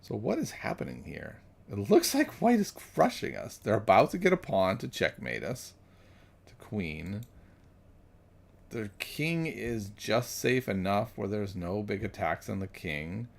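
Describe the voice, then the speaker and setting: A man's voice: on the low side, big pitch swings, a little slow, vocal fry. A man thinking aloud as he solves chess puzzles, musing and correcting himself, then chatting with viewers. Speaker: chess streamer.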